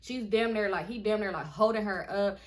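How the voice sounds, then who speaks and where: A woman's voice: medium pitch, moderate pace. A young woman vlogger telling a story in a casual, slangy way and acting out what people said.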